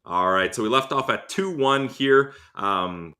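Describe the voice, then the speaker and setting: A man hosting a sports podcast, chatting casually with an upbeat, playful manner and quick laughs. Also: mid-range voice, bright, forceful tone. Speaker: podcast host.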